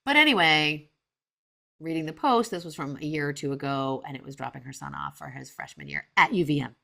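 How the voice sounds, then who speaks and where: A woman in her forties hosting a podcast, telling a story in a chatty, animated way with lots of fillers and quoted asides. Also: deep voice, fairly quick, gravelly. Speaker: podcast host. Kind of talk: casual storytelling monologue.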